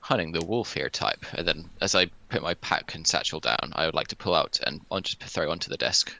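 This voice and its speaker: A man playing a tabletop game, speaking in a playful, lively way. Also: extremely low pitch, a little fast, gravelly. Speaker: player. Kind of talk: casual tabletop game play.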